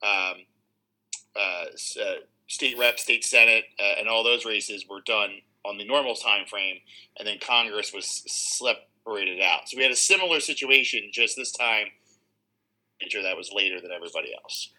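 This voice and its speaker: A man's voice: on the low side, normal speed, bright, forceful tone, rough recording. A man, a podcast guest, explaining election rules in detail with some fillers. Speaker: guest, local political organizer. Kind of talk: casual interview chat.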